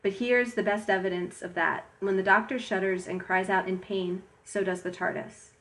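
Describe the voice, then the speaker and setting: A woman's voice: medium pitch, fairly even intonation, normal speed, a bit bright. A woman co-hosting a casual discussion, breezy and wry, offering asides. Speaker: podcast co-host.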